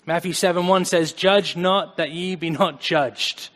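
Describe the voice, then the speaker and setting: A man preaching a conversational sermon, earnest, swinging between loud emphasis and quiet asides. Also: sits high, steady tone, a little slow. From United States. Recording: long hall reverb.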